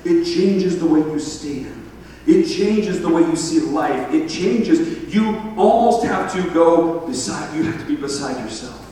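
A man preaching a sermon, telling stories with laughter and animated asides. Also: a little high, a little slow, slight background noise. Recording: echoey hall from far off.

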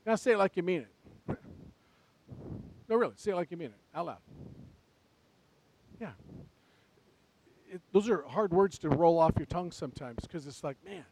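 A man preaching a sermon to a church congregation, swinging between quiet, reflective passages and loud, urgent ones. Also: high-pitched, animated, normal speed, long pauses, poor audio. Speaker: pastor. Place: church sanctuary.

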